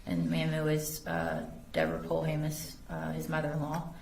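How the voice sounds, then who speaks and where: A woman with a deep, low voice gives courtroom testimony, reading messages aloud in a steady, factual manner. She is picked up from a distance, and the courtroom around her echoes with faint background hum. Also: vocal fry. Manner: reads text messages aloud in a measured, factual way. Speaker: investigator testifying as a witness. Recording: roomy courtroom audio from a distance.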